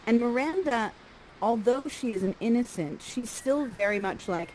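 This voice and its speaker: Animated woman coaching actors. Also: a little high, normal speed, slight background noise, poor audio. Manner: lively, acts out lines for the performers. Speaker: acting coach directing a scene.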